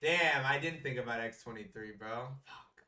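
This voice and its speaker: A young man co-hosting a casual podcast, animated and slangy, repeating himself for emphasis. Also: mid-range voice, normal speed, recorded from a distance. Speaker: podcast co-host.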